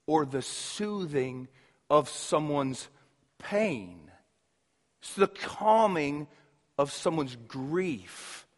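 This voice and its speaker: A man preaching a sermon, earnest and emphatic, repeating key words. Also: fairly high pitch. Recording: long reverb of a large hall.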